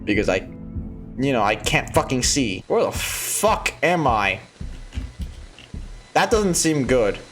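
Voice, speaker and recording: A man doing let's play commentary, swearing freely and laughing at his own jokes. His voice sits a little higher than most men's. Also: a bit bright. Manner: profane, joking, laughs often. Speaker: gaming video host.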